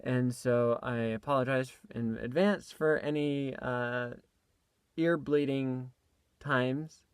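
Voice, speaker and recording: A man's voice: mid-range voice, fairly even intonation, slow pace, smooth, no room sound, studio quality. A young man chatting casually about his voice recording session, rambling with lots of fillers, recorded on a tablet mic in a small clothes-filled closet. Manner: rambling, self-deprecating, lots of fillers and restarts. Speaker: voice actor vlogging a recording session. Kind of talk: casual behind-the-scenes chat. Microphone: tablet's built-in mic.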